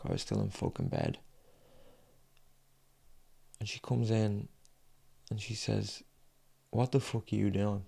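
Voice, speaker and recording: A young man speaks in a low, deeply gravelly voice with a warm, dark tone. He tells his story frankly and rawly, with plenty of swearing. He breaks it up with long pauses and sighs. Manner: raw, frank and heavy with swearing. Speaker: fitness vlogger. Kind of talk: confessional personal storytelling.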